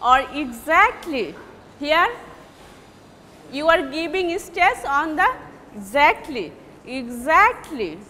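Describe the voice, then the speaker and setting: A woman with a Bangladeshi English accent, giving a classroom lecture on word stress in slow, halting phrases and repeating example words. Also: sits high, expressive, sharp tone, in a large hall, a little hiss or hum. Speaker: English teacher.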